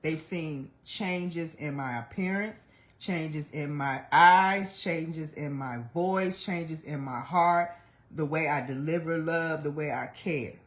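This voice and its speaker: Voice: mid-range voice, slow pace, a bit bright. A livestream host in their forties speaks in an open, confessional monologue. The delivery is blunt and emotional, peppered with swearing. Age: 40s. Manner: candid, blunt and heavily profane; emotional, speaks of trying not to cry.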